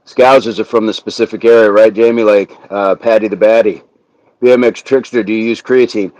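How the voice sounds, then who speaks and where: A man's voice: lowish voice, steady tone, fairly quick, a little mellow, no room sound, dull audio. An American man hosting a fitness live stream, chatting casually and reading viewer comments, laughing easily. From US South, raised in the Midwest. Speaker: fitness livestream host. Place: California.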